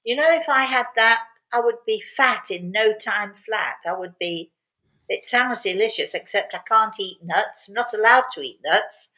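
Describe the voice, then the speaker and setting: A woman's voice: mid-range voice, normal speed, sharp tone, low-quality recording. An older woman hosting a casual live chat, upbeat and rambling, laughing often and fighting a lingering cough. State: intermittent cough. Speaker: host.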